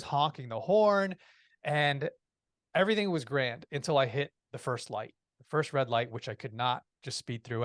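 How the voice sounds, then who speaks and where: Animated male storyteller, dry sound. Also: medium pitch, no room sound. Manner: lively, acts out quoted voices, restarts often. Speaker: podcast guest.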